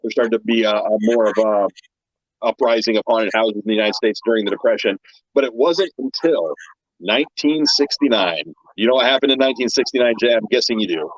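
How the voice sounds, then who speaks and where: A man co-hosting a podcast in a quick, chatty way, presenting a trivia segment. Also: fairly low pitch, dry recording, muffled recording. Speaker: podcast co-host. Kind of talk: casual podcast chat.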